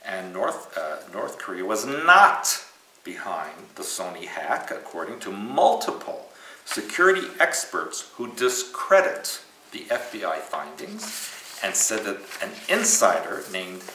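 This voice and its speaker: A man's voice: on the low side, a little slow, recorded from a distance, a little hiss or hum. A man hosting a casual news commentary show, joking and teasing as he talks. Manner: joking, animated, teasing asides. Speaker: host. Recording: echoey room, off mic.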